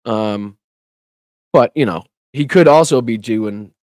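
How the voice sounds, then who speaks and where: A man's voice: mid-range voice, takes it slowly, darkish tone, dry recording, studio quality. A man hosting a casual political livestream who talks straight to his chat, laughs often and swears when annoyed. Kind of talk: casual live-stream commentary.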